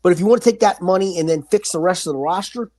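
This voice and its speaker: A man co-hosting a sports podcast, talking in an animated, emphatic way and often restarting his sentences. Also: high-pitched, quick pace. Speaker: podcast co-host. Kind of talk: casual sports talk.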